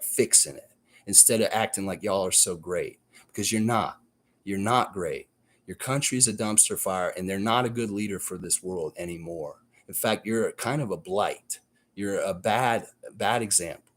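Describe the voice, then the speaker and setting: A man's voice: fairly low pitch, breathy edge. Fired-up man with a Southern accent. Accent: Southern American. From United States and Canada. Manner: heated, blunt, profane, lecturing. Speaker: streamer reading chat. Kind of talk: casual live-stream rant.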